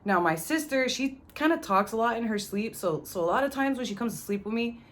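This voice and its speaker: A woman's voice: on the high side, expressive, fairly quick, a little hiss or hum. A young woman vlogger telling a personal story in a casual, slangy way, cursing freely and addressing the viewer directly. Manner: slangy, profane, talks straight to the viewer.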